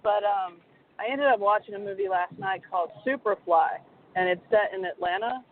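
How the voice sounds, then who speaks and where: A woman in her thirties, a podcast co-host, telling an animated, self-deprecating story in casual chat. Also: mid-range voice, moderate pace. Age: 30s. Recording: tinny phone line with faint hiss.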